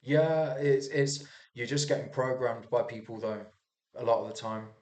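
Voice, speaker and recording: A man's voice: mid-range voice, moderate pace, a little mellow. A young man casually rambling through commentary on news headlines, swearing and restarting often. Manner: restarts a lot, swears, muses aloud. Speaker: vlogger reviewing news.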